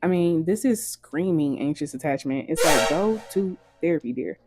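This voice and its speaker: A woman's voice: low voice, lively intonation, moderate pace, over loud music. A woman giving frank, scripted commentary in a video, blunt and swearing casually.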